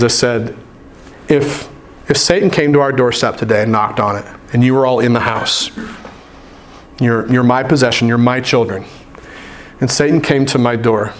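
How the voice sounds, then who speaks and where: A man preaching a sermon in a church. He moves from earnest appeals to relaxed family stories told to the congregation. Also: medium pitch, slight background noise. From United States. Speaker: pastor. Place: church sanctuary.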